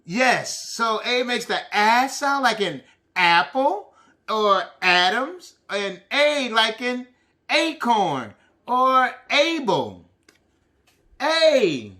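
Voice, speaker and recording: Slow, bright-voiced man teaching preschoolers. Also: very high-pitched. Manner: animated, sing-song prompting. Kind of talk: early-childhood lesson, call and response.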